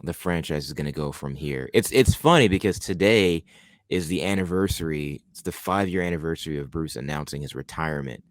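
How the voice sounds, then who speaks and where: A man's voice: a bass voice, fairly quick, no echo, clean studio sound. A man co-hosting a podcast, chatting casually and enthusiastically about a horror film, rambling with many restarts. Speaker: podcast co-host. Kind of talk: casual film review chat.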